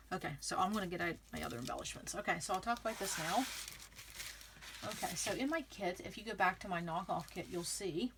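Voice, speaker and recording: A woman's voice: on the low side, brisk, pauses often, noisy background. Chatty woman crafting and thinking aloud. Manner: chatty, thinks aloud, frequent "okay?" check-ins. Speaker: craft vlogger. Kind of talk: casual crafting tutorial, talking while working.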